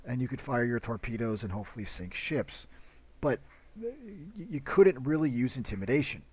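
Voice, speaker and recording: A man's voice: mid-range voice, animated, moderate pace, a little mellow, breathy edge, no room sound. A young man lecturing on history in an easy, conversational voice. He talks off the cuff with plenty of fillers and restarts, slipping into short acted-out quotes to make his points. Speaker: history teacher. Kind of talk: casual classroom lecture.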